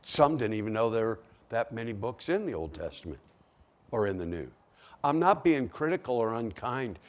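A man's voice: medium pitch, big pitch swings, normal speed. A man preaching a sermon to a congregation, asking rhetorical questions as he goes. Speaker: pastor.

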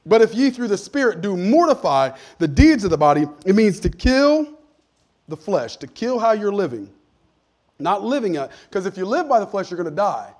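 A man preaching a sermon as a pastor, talking in a conversational way that sinks to soft asides and climbs to emphatic points. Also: high voice, sing-song, normal speed.

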